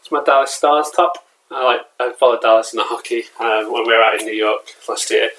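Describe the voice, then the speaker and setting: A man's voice: medium pitch, fairly quick, fairly bright tone, rough recording. A man with an English accent chatting casually at home as a collectibles vlogger, rambling along with frequent fillers and restarts. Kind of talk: casual vlog chat. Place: at home, indoors.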